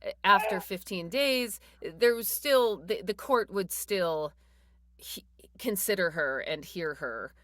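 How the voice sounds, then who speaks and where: A woman hosting a podcast interview in a casual, hesitant way, with fillers and quick reactions. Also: medium pitch, animated, a bit bright, no echo. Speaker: podcast host, adoptive mother. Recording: dry close sound.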